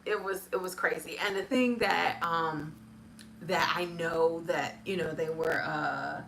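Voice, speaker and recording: A woman's voice: low voice, a little slow, vocal fry, a bit bright, slight background noise. A woman hosting a casual movie review chat. She rambles in a friendly way, stumbles over her words and fills gaps with lots of ums. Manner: chatty, hesitant, many fillers, laughs often. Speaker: film reviewer.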